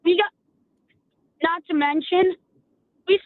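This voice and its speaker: A man calling into a sports radio show, talking in halting, stop-start sentences over a phone line. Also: very high voice, dry recording. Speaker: caller.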